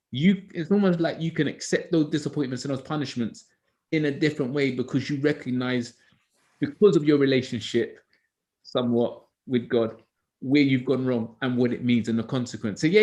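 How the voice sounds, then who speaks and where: A man, a teacher co-hosting a Bible study discussion, telling stories in a casual, animated way. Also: medium pitch. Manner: animated storytelling, acts out others' words.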